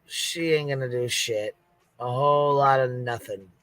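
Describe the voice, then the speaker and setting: A woman's voice: extremely low pitch, a little slow, a bit bright, no room sound. A woman hosting a stream, reacting to clips with sarcastic, mocking commentary. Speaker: host.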